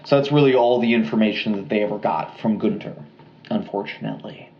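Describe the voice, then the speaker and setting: A man co-hosting a podcast, telling a true-crime story in a casual, relaxed way with lots of fillers and asides. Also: on the low side, quick pace, reverberant, muffled recording, a little hiss or hum. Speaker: podcast co-host.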